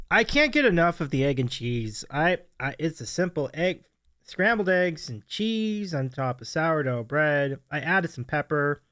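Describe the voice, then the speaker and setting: A man's voice: fairly high pitch, fairly bright tone, clean tone, dry recording. A man hosting a casual live stream who laughs often and thanks viewers by name. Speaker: stream host.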